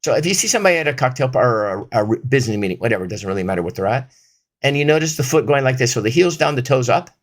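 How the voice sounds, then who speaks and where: A man's voice: medium pitch, lively intonation, very fast. A man teaching body language and voice control in an explanatory talk, demonstrating examples and checking in with frequent asides.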